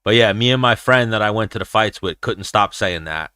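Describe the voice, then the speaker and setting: A man's voice: fairly low pitch, brisk, pushed and bright, smooth, no echo. A young man hosting a casual livestream, talking in a rambling, profane way and telling stories. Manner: profane, rambling storyteller who slips into impressions. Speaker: show host.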